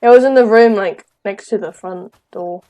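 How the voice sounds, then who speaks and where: A woman's voice: medium pitch, moderate pace, dark tone. A young woman chatting casually with a friend while playing a ghost-hunting game, with jumpy exclamations. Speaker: gamer. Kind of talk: casual chat while gaming.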